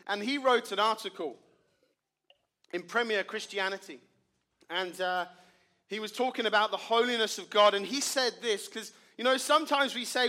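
A man, a pastor preaching a sermon and telling a story, earnest, with dramatic drops to quiet. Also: sits high, normal speed.

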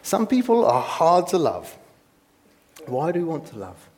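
A man's voice: on the high side, wildly swooping pitch, measured pace, a little mellow. Chatty man preaching with laughs. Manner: chatty, self-deprecating, laughs often. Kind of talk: informal sermon. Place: room with an audience.

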